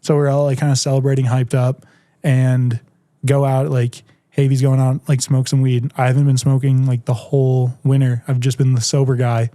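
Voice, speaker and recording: A man in his twenties, a podcast guest telling stories in casual chat, animated and full of "like" fillers. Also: mid-range voice, normal speed, dry recording. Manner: animated storyteller, heavy "like" filler.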